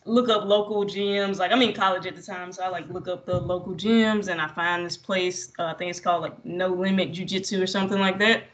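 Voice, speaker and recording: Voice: mid-range voice, brisk, hardly any pauses. Laid-back young guest telling a story. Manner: relaxed storyteller, many fillers like "like". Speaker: podcast guest, jiu-jitsu practitioner. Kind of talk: casual podcast chat.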